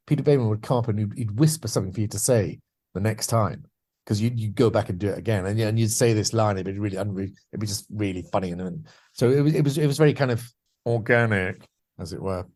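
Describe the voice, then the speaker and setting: A man's voice: lowish voice, fast, a little mellow. A man guesting on a podcast, telling anecdotes about his career in a chatty, self-deprecating way with lots of restarts. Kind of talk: anecdotal interview storytelling.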